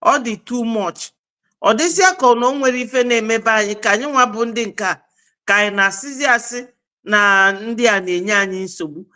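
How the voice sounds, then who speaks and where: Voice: medium pitch, fairly quick, bright, forceful tone, clear, resonant tone. A speaker with a Nigerian accent earnestly urging their people to stop partying, with repeated rhetorical prompts. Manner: urging, repetitive, rhetorical questions. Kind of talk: earnest exhortation mixing English and Igbo.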